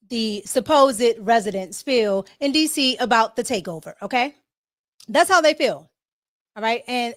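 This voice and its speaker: Chatty woman host, bright and dry. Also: fairly high pitch, no room sound. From Washington, D.C. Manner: chatty, repeats "okay?" to the viewers. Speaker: livestream host. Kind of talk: casual political commentary.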